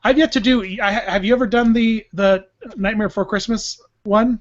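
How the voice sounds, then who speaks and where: Animated high-voiced man, podcast co-host. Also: normal speed. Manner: animated, swears casually. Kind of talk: casual chat. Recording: dull lo-fi podcast audio.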